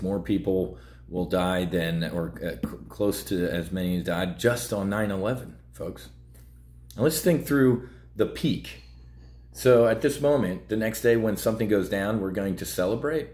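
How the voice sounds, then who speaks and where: A man's voice: sits low, a little mellow. A man hosting a trading show, talking bluntly and heatedly with many fillers. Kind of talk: casual market commentary.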